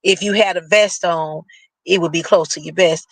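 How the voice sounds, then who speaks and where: A man with a New York accent reading horoscopes aloud and breaking into animated, slangy commentary in casual chat. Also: high voice, normal speed, no room sound, rough recording.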